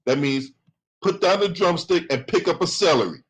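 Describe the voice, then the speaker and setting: A man's voice: a little high, animated, moderate pace, husky, rough recording. A male commentary host reading a lawsuit aloud and mocking it. His delivery is profane and sarcastic, full of scornful asides. He swings between plain reading and heated ranting.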